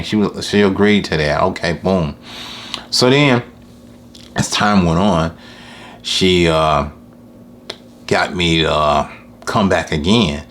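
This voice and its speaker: A man's voice: sits low, measured pace, pauses often, fairly bright tone, slight background noise. A man who runs a lawn care business, telling a rambling story to camera and often repeating what he said.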